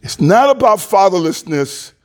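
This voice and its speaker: A man preaching a sermon as pastor, reading scripture aloud and rising louder and higher to stress his points. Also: very animated, normal speed.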